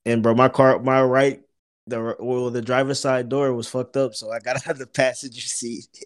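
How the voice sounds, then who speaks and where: A man's voice: mid-range voice, fairly even intonation, a little fast. A man co-hosting a podcast, telling stories in loose, profane casual chat. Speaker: podcast co-host.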